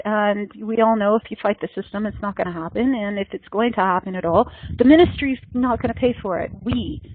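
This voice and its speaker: A woman leading a meditation gathering, speaking in an earnest, flowing way that often repeats and restarts phrases. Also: fairly high pitch. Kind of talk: meditative spiritual talk. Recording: dry, tinny phone-like sound.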